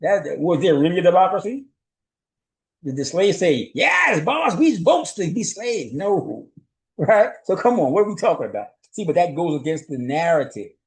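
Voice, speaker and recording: A male journalist hosts his own show, talking through a solo commentary recap. His voice sits a little high for a man. He talks in a loose, rhetorical way, keeps checking in with "right?", and chuckles as he goes. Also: warm tone, poor audio. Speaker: host and journalist.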